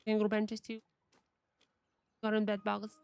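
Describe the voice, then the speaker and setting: A woman's voice: medium pitch, monotone, normal speed, vocal fry, darkish tone, clear, resonant tone, dry recording. A young woman streaming a game, chatting casually and thinking aloud as she reads the game's text. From Eastern Europe. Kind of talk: casual gameplay commentary.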